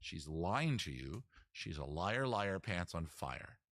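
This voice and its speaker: A man's voice: low-pitched, sing-song, slow, a bit bright, no room sound, clean studio sound. A man hosting a casual live-stream at home outdoors, joking and rambling in a self-mocking way. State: out of breath. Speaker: livestream host, musician. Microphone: camera mic, moves away from it.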